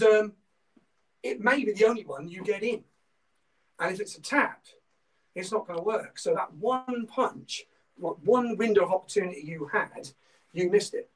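A man's voice: high voice, recorded from a distance, poor audio. A man with a Norfolk accent teaching an online martial arts class, breaking down punch technique step by step and checking in with "okay?" as he goes. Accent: Norfolk English. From England. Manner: instructive, peppers talk with "okay?"; shouts counts during drills.

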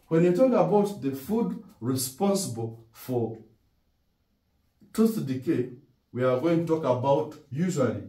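A man with a Ugandan English accent lectures in a slow, mellow voice, often posing questions and answering them himself. His pitch sits a little on the high side. He is recorded from a distance in an echoey room. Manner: repeats key words with emphasis. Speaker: dental lecturer. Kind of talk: classroom lecture. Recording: roomy echo, distant from mic.

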